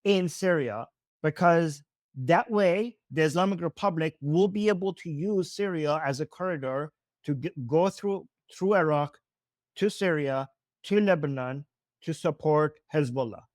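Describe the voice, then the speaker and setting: A man's voice: fairly high pitch, unhurried, darkish tone, no room sound, studio quality. Persian-accented man thinking aloud. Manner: thinking aloud, frequent restarts and self-corrections. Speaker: commentator reacting to videos. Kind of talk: casual live commentary.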